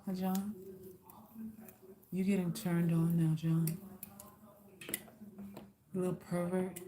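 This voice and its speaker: A woman's voice: lowish voice, little pitch movement, takes it slowly, dark tone. Blunt, teasing woman hosting a live chat. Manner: blunt, teasing, slangy and profane. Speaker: live stream host. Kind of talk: casual live chat reading comments. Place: South Florida.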